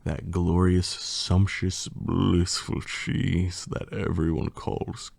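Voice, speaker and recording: A man's voice: low-pitched, flat delivery, slow, gravelly, a little mellow, no echo, exaggerated voice. A man voicing a greedy male mouse leader, polite but menacing as he demands more cheese in an ASMR poem reading. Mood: demanding.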